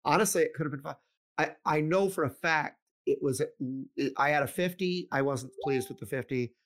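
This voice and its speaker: A man's voice: on the high side, a little fast, fairly bright tone. A middle-aged man co-hosting a podcast in casual chat, rambling with many fillers and restarts. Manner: rambling, many ums and restarts, laughs often. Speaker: podcast co-host.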